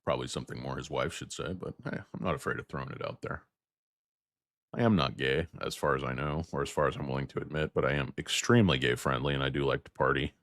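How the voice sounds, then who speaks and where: A middle-aged man hosting a stock commentary monologue, rambling and digressive, with crude jokes and quick mocking put-on voices. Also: rumbling low, fairly even intonation, fairly bright tone, no room sound, clean studio sound.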